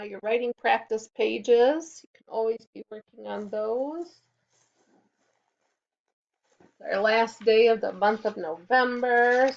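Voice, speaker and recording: A woman leads a kindergarten class in a recorded lesson, her medium-pitched voice clear and encouraging as she has the kids repeat after her. The audio is dull.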